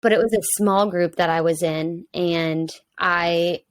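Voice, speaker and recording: Candid young woman, low voice. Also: steady tone, unhurried, no room sound. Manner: open and personal, with many fillers like "um" and "like". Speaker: podcast guest and mentor to young women. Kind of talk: candid conversational podcast talk.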